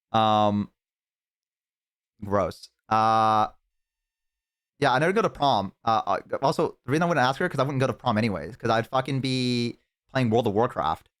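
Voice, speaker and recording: A young man streaming live in casual chat, with a voice of ordinary male pitch. He swears freely and tells stories to his viewers. He often bursts into loud, excited shouts.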